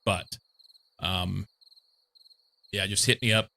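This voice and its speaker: A man's voice: low voice, steady tone, takes it slowly, vocal fry, pushed and bright. A young man from Missouri streaming a game, chatting casually and rambling with lots of fillers. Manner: rambling, meandering, many fillers. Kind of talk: casual chat while playing a game.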